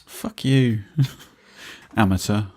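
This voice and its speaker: A man's voice: fairly low pitch, drawn-out words, a little mellow. A man co-hosting a casual podcast, teasing his co-host, laughing often and rambling through anecdotes. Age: adult, grew up before the internet. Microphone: studio mic on a desk.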